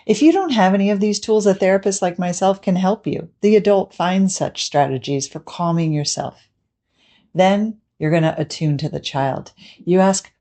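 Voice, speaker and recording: A woman therapist giving a calm, measured, scripted talk to parents. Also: on the low side.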